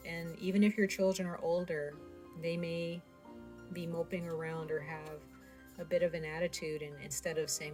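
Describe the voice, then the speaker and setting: Woman tarot reader, casual and direct, low voice, faint background music. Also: little pitch movement, normal speed. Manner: chatty, speaks straight to viewers with many fillers. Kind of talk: casual tarot reading to camera.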